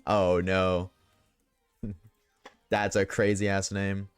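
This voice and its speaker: This streamer's voice sits on the low side, brisk and lively in intonation, as he banters profanely with viewers while playing a game. There's no echo, just soft background music.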